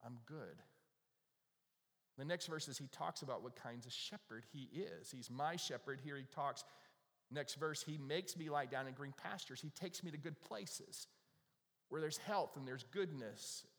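A pastor giving an animated, conversational sermon, restarting words as he goes. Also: a little high, normal speed. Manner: animated, conversational preaching with repeated starts. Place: church sanctuary. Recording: echoey hall reverb.

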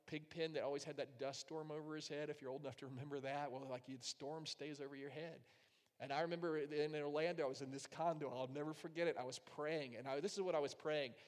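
A man preaching a sermon, telling a personal story and swinging between loud, emphatic passages and hushed, quiet ones. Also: on the high side. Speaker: pastor. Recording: long hall reverb.

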